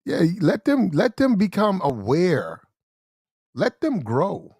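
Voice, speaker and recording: A man's voice: sits high, huge pitch swings, slow pace, darkish tone, breathy edge, no echo, studio quality. A man from the United States giving blunt, slangy opinion commentary, repeating his points for emphasis. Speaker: commentary show host.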